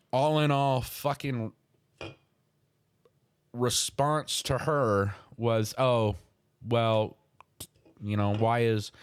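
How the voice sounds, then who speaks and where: A man's voice: fairly low pitch, dry recording. Fired-up, foul-mouthed man ranting. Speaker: podcast host. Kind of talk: heated wrestling commentary chat.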